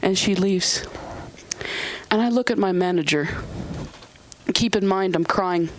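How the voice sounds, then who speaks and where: A young woman comedian telling an animated stand-up story into a handheld mic on a comedy club stage, laughing often. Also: mid-range voice, a little slow, slight background noise.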